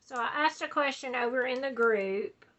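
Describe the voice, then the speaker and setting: A woman's voice: on the high side, moderate pace, fairly bright tone, lo-fi sound. A woman, chatting casually and rambling while she does a scrapbooking project at home. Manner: chatty, drawling, says y'all and like a lot. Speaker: scrapbooking video host.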